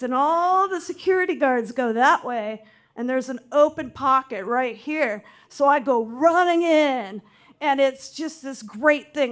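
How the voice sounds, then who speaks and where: A middle-aged woman telling a personal story on stage, in a wry, animated, self-mocking way. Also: high voice.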